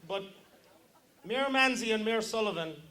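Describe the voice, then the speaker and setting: A man's voice: high voice, lively intonation, unhurried, bright, forceful tone. A man with an Irish accent telling jokes at a luncheon in a teasing, chatty, self-mocking way. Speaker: joke teller at a luncheon. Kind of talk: stand-up joke telling. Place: luncheon room. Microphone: handheld microphone.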